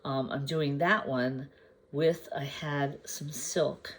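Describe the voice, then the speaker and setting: A woman crafting vlogger chatting casually to the camera. She shows her projects at an unhurried pace, pausing to gather her thoughts and sometimes asking the viewers questions. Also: deep voice, fairly even intonation, breathy edge. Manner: unhurried, chatty, meandering with pauses. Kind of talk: casual show-and-tell chat to camera.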